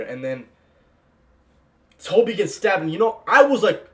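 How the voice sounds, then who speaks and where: A young man gushes about a film he loved, in an excited and casual reaction style. His voice sits a little high, and he keeps throwing in "bro" and "man" as he talks. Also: normal speed, pauses often. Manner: gushing, repeats "bro" and "man", bursts into yells. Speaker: movie reaction vlogger.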